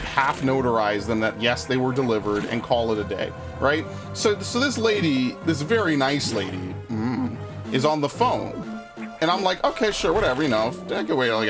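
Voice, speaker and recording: A young man streaming a game, telling a rambling story with lots of swearing and getting worked up as he talks. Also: medium pitch. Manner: rambling, swears a lot, excitable rants. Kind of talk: casual let's-play commentary. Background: game music.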